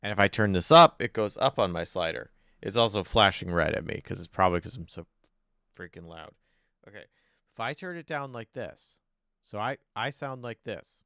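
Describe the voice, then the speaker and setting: A man's voice: lowish voice, lively intonation, normal speed, gravelly, fairly bright tone, dry recording, studio quality. A man live-streaming from home, thinking aloud in casual chat while he fiddles with his desk microphone settings and gets frustrated.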